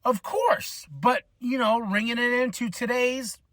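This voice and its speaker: A man's voice: extremely high pitch, measured pace, a bit bright, no echo, clean studio sound. A man in his thirties hosting a podcast, ranting casually and swearing, acting out quoted voices. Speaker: podcast host. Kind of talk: casual rant.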